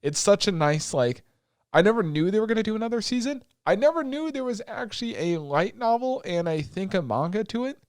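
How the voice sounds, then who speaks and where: Excitable man recapping an anime. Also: high voice, a little fast, no echo, clean studio sound. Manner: animated retelling with acted quotes and swearing. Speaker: podcast co-host. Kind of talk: casual chat.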